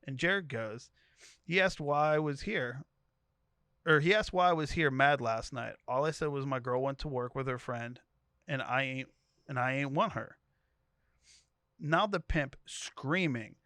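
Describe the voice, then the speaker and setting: A man's voice: mid-range voice, measured pace, pauses often, pushed and bright, no echo. Dry-miked man reading a story thread. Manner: profane storytelling, quoting characters in turn. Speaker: podcast co-host. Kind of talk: reading a tweet thread aloud.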